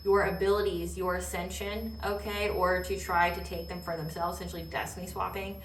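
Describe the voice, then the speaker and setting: A woman's voice: lowish voice, level tone, brisk, fairly bright tone, slight background noise. A woman giving a casual spiritual tarot reading, rambling with many fillers and checking in with "okay?". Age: adult. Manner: laughs while telling stories. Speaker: tarot reader. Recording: roomy echo, distant mic.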